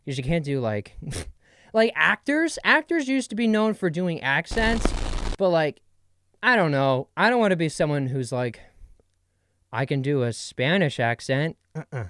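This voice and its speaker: A man's voice: on the high side, big pitch swings, normal speed, a bit bright, clean tone, soft background music. A young man hosting a podcast solo, rambling playfully in a casual comedic monologue. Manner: rambling, playful, jumps between bits. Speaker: podcast host.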